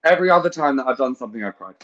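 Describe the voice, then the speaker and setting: A man's voice: mid-range voice, lively intonation, very fast, lo-fi sound, over a noisy crowd. A man hosting a casual chat on a video call, emotional and teasing, who swears freely. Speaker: podcast host.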